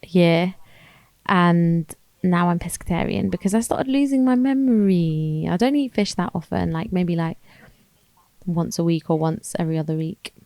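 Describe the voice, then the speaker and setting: A young woman co-hosting a casual podcast tells a story in slangy, chatty fashion, acting out the lines she said back then. Her voice is on the low side and a little mellow, at a moderate pace with no echo.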